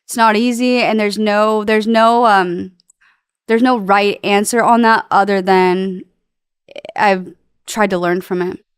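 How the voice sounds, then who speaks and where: Soft-spoken woman, smooth clear voice. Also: mid-range voice, fairly even intonation, takes it slowly, no echo, studio quality. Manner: emotional, rambling, many fillers and restarts. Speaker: guest. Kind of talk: candid personal interview.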